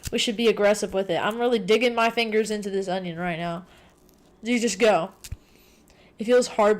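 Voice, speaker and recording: A woman streamer chatting casually to her viewers, rambling, excitable and full of swearing. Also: medium pitch, brisk. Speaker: livestreamer. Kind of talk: casual livestream chat.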